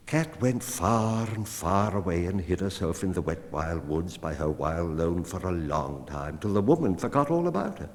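Low-voiced, expressive male storyteller. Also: normal speed, few pauses. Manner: rhythmic, expressive read-aloud. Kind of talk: storybook reading. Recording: long hall reverb.

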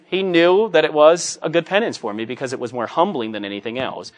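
A man's voice: medium pitch, big pitch swings, fast, hardly any pauses. A middle-aged man, a Catholic priest, giving a conversational homily full of joking anecdotes. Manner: anecdotal and joking, acts out quoted voices.

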